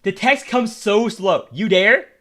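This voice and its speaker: A young man with a notably high voice streams a game and rants about it. He talks bluntly and swears a lot, and he repeats himself as he complains. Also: slow, bright, forceful tone. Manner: blunt, profane, repetitive ranting. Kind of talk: casual stream commentary.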